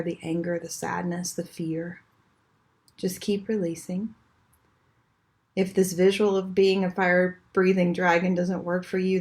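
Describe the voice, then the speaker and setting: A woman guiding a meditation in a soft, slow, soothing way, her voice trailing off quietly at the end of phrases. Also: on the low side. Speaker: energy healing teacher. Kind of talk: guided meditation.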